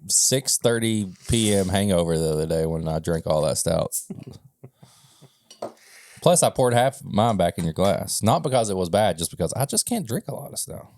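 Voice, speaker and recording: A man's voice: low voice, animated, moderate pace, a little mellow. A man co-hosting a podcast, chatting in an easygoing way and describing flavors animatedly. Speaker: podcast co-host. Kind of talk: casual chat while tasting whiskey.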